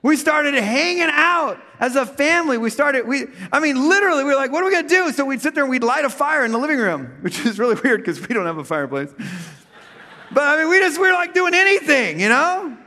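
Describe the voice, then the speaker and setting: A middle-aged male pastor preaching with comic storytelling, swinging from loud funny voices to quiet reflection. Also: extremely high pitch, animated, a little fast. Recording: long hall reverb.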